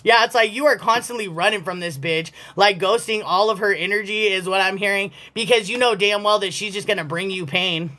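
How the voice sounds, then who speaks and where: A woman's voice: mid-range voice, moderate pace, few pauses, bright, forceful tone. A woman giving a casual collective tarot reading, blunt and profane and often breaking into laughter. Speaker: tarot reader.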